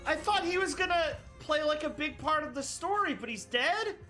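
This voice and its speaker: Woman, gaming streamer, casual commentary, sarcastic, jokey, bright voice. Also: sits high, animated, normal speed, faint music behind. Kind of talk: casual let's play commentary.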